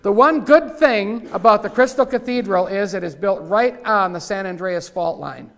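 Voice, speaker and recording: A preacher man with a gravelly, fry-edged voice delivers a rough, folksy sermon full of sudden loud bursts. His words ring out with a long hall reverb behind them. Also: high-pitched, normal speed.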